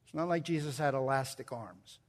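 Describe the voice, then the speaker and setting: A man's voice: mid-range voice, brisk, long reverb tail. A man preaching a sermon, reading scripture and explaining its grammar, building to emphatic peaks. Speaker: pastor.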